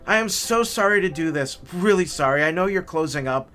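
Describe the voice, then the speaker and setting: A man's voice: on the high side, expressive, a little fast, a bit bright, faint music behind. A man doing a flustered, stammering dad. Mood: pleading. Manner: stammering, pleading. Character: flustered, apologetic family father.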